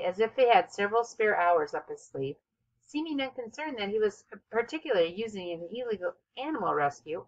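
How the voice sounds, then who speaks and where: A woman reading a children's novel aloud as narrator, with expressive, steady storytelling. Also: medium pitch, muffled recording. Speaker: audiobook narrator. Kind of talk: scripted narration.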